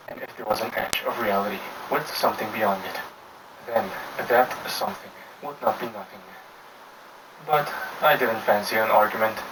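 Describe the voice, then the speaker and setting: A man reading a scripted horror story aloud in a measured, deliberate way. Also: on the low side. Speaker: narrator. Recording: distant mic with steady background hiss.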